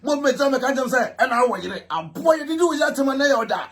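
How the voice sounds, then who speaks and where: A man ranting loudly as a vlog host, repeating himself and mocking. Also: extremely high pitch, animated, brisk. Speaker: vlogger host. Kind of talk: animated ranting commentary.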